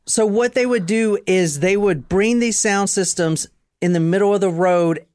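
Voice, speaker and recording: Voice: mid-range voice, moderate pace, darkish tone. A podcast host explaining history in a casual, emphatic storytelling way, now and then swearing.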